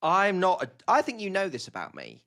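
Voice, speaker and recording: A man co-hosting a podcast in casual, excitable chat, often tripping over his words. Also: high-pitched, brisk. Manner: chatty, excitable, stumbles and restarts. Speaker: podcast co-host.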